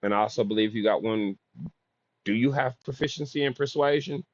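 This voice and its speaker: A man's voice: medium pitch, a little fast, no room sound, lo-fi sound. A man narrating and running a tabletop role-playing game as game master, casual and swearing freely.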